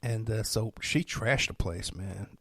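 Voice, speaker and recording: A middle-aged man, hosting a podcast and telling stories in a rambling, animated monologue. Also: on the low side, measured pace, no echo. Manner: rambling, animated storytelling with laughs and asides. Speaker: podcast host.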